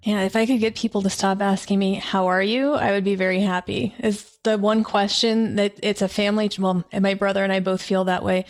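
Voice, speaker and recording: A woman's voice: medium pitch, level tone, brisk, hardly any pauses. A woman hosting an interview, thoughtful and conversational, with light laughs. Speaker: interview host. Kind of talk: casual interview chat.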